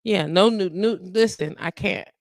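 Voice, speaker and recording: A woman hosting a live internet radio show in casual chat. She is sassy and animated, and she acts out the people she talks about in quoted voices. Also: medium pitch, a little slow, vocal fry, no echo, clean studio sound.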